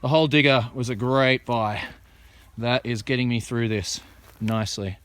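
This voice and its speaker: Out on hilly rural land, a man planting trees explains his work for a casual show-and-tell vlog in a relaxed, chatty way. His mid-range voice moves at a moderate pace, and the sound is clean with no room tone.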